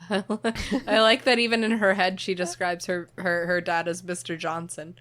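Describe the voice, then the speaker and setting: A woman's voice: lowish voice, little pitch movement, a little slow, a bit bright. A woman co-hosting a podcast, chatting casually in a playful, laughing way. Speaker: podcast co-host. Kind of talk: casual chat.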